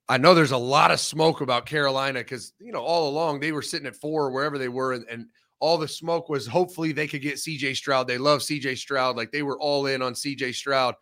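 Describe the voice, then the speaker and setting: Blunt bright-voiced man ranting about sports. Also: fairly high pitch. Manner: blunt, profane, animated opinions. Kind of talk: casual sports talk.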